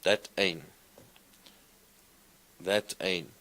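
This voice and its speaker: A man's voice: low voice, fairly even intonation, extremely slow, pushed and bright. A man teaching a classroom lesson, speaking in an encouraging way and often asking his students questions. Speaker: Greek teacher. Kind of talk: classroom lecture.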